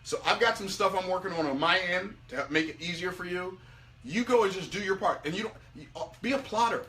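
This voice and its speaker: A man coaching his members in a live video pitch, energetic and repetitive, often restarting his sentences. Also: a little fast, faint music behind. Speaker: business coach.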